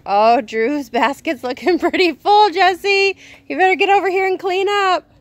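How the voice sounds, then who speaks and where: A woman's voice: very high voice, a little slow, no room sound. A woman filming children at an outdoor egg hunt, cheerful and coaxing, urging them on and warning them off her plants. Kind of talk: casual family vlog chat. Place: outdoors in a yard.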